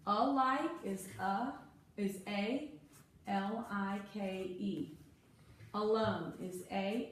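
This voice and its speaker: Patient woman teacher in an echoey room. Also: mid-range voice. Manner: patient, drawn-out emphasis on key words. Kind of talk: one-on-one phonics lesson. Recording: very echoey room, faint noise.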